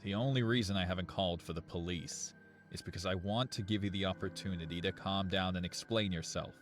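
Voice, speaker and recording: A man playing a tall, calm security guard with an Australian or New Zealand accent, gently pleading with a young woman. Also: deep voice, fairly quick, natural voice. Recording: faint music behind.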